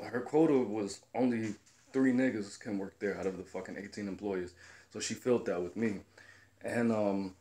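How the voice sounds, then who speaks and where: A man's voice: medium pitch, a little mellow. A young man from the Chicago area, talking casually and bluntly to camera, profane and rambling as he tells stories. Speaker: commentator.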